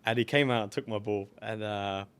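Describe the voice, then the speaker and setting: Quick-talking English male guest, rambling anecdote, amused at his own tale. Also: on the low side, fairly even intonation, fairly bright tone, clear, resonant tone. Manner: rapid, rambling, laughs at own story. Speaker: guest fighter. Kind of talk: storytelling in a podcast interview.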